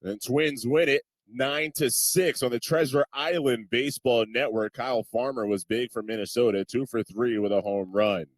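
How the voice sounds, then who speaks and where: A man reads a scripted sports highlight roundup in a brisk, even delivery. His voice sits mid-range. The studio sound is dry and close. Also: no echo. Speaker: sports news anchor.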